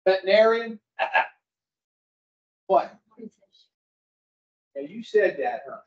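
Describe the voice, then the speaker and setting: A man's voice: high-pitched, very animated, very slow. A man giving a casual, folksy teaching talk to a recovery group, blunt and profane, quizzing his listeners directly. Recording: dull lo-fi recording.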